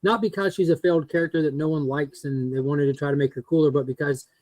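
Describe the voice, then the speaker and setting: A man hosting a casual comic club chat on a video call, opinionated and quick to swear. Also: fairly high pitch, a little mellow, no room sound, rough recording.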